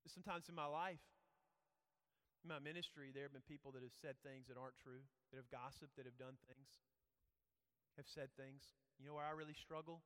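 A man's voice: mid-range voice, a bit bright. A man preaching a sermon, earnest and conversational, telling personal stories. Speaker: pastor. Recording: echoey hall reverb.

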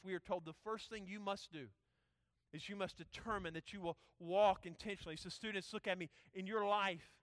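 Emphatic high-voiced male pastor. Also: dry recording. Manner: emphatic, swings from loud urging to hushed asides. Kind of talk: sermon.

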